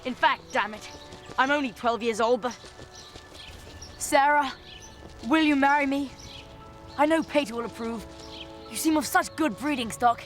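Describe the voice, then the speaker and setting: A pompous young aristocrat boy, played by a woman, speaks in a high, plummy voice. His manner is haughty and theatrical, and he sounds every inch the spoiled heir. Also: unhurried, long pauses, faint music behind. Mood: gushing. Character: pompous posh twelve-year-old boy aristocrat.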